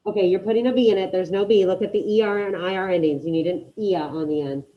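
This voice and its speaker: A woman's voice: mid-range voice, fairly even intonation, fast talker, muffled recording. Woman teaching an online Spanish class. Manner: encouraging, calls on students by name.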